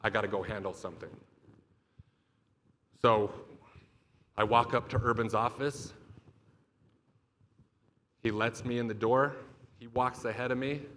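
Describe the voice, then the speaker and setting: In a bright, forceful, mid-range voice, a young adult man gives a motivational keynote. He shares a personal story, emphatic and confessional, with plenty of profanity.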